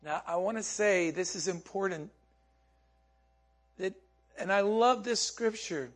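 With a high voice and a slightly slow delivery, a man preaches casually, laughing a lot and directing questions at the congregation.

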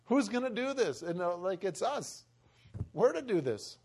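A man with a notably high voice preaches a sermon, weaving in a personal story. He talks haltingly, with frequent fillers and restarts. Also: big pitch swings, slightly rough. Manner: emotional, acts out family voices, rising to shouts.

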